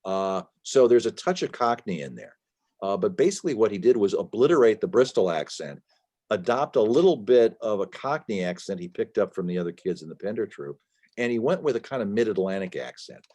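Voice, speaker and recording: Deep-voiced man, discursive author on a call. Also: expressive, a little fast, a little mellow. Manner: discursive, emphatic, many restarts and fillers. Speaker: author guest. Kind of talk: conversational interview answers.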